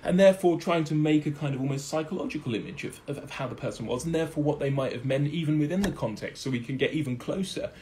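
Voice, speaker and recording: A man's voice: fairly high pitch, animated, fast talker, hardly any pauses, a little mellow, a little hiss or hum. A young man, a history student and channel host, explaining ideas in casual talk full of restarts and fillers. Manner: rambling, many restarts and fillers, laughs at own points. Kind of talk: casual educational talk to camera.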